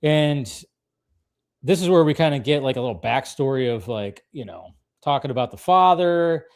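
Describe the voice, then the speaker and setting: A man's voice: medium pitch, animated, moderate pace, a little mellow. A man co-hosting a casual chat, recapping a cartoon episode, laughing often and acting out the characters' lines. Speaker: podcast co-host.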